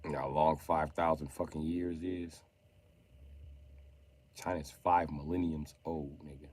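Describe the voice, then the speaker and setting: A man livestreaming, ranting loudly and profanely in a boastful way. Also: rumbling low, level tone, measured pace. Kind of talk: livestream rant.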